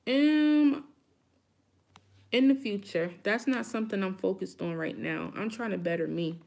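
A woman's voice: mid-range voice, unhurried, vocal fry, darkish tone. A woman hosting a live chat with her viewers, talking frankly and emphatically straight to them.

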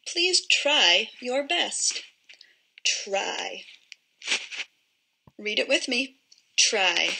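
Slow, bright-voiced phonics teacher woman. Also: high-pitched, gravelly, slightly rough, low-quality recording. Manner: slow, drawn-out modelling of word sounds. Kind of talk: phonics lesson for young children.

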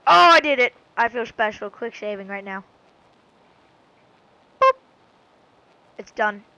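A woman's voice: mid-range voice, pushed and bright, highs cut off. A woman giving rambling, goofy, self-mocking commentary while she plays a game. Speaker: let's-play gamer. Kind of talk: casual gameplay commentary.

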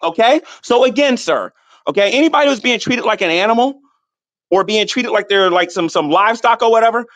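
Man with a high, very animated voice, arguing in an online voice room and spelling things out slowly to his opponent. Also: no room sound. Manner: condescending, repeats himself slowly for emphasis; argumentative, defends his reading of scripture. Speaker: debater in an online audio room. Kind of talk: heated debate.

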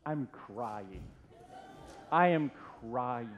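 A man's voice: medium pitch, drawn-out words. A middle-aged man, a former youth pastor, tells a self-mocking story as a tribute at a church retirement party. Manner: self-deprecating, animated storyteller. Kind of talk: humorous anecdotal tribute speech. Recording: echoey hall, dull lo-fi, faint hiss.

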